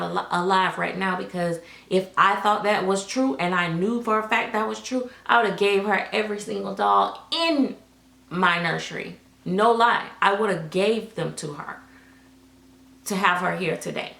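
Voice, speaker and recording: A woman's voice: mid-range voice, gravelly, a bit bright. A woman vlogger talking straight to her viewers from her doll nursery at home, frank and preachy in a casual, down-to-earth way. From Florida. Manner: frank, preachy, Southern Black vernacular. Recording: echoey room.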